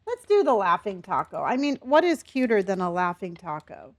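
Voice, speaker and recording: A woman's voice: medium pitch, big pitch swings, moderate pace. A middle-aged woman livestreaming a game, chatting casually and rambling as she reads her chat and laughs often. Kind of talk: casual chat while gaming.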